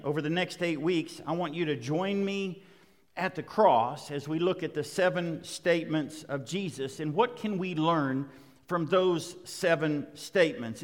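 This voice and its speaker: Slow, preaching man in an echoing hall. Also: a little high. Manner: emphatic preaching with dramatic pauses and rising intensity. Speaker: pastor. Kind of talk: sermon. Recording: long reverb of a large hall.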